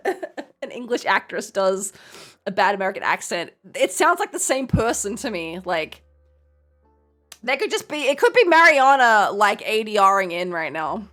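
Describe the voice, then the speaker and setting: Giggly streamer host, bright lively voice, faint music behind. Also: female voice, on the high side. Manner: giggly, rambling banter. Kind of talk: live stream reaction chat.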